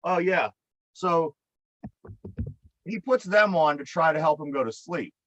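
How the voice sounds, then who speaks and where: A man's voice: a little high, animated, unhurried, fairly bright tone. A man with a Pittsburgh accent co-hosting a podcast, telling a long story in a profane, exasperated, rambling way. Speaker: podcast co-host. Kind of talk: casual storytelling. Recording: dry, dull lo-fi podcast mic.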